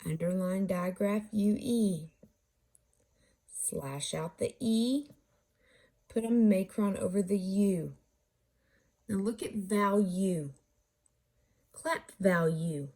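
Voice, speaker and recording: A woman's voice: medium pitch, a little mellow. A woman teaching a phonics lesson, patiently walking through how to code words and asking questions before answering them herself. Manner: sounds out syllables slowly. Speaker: reading teacher.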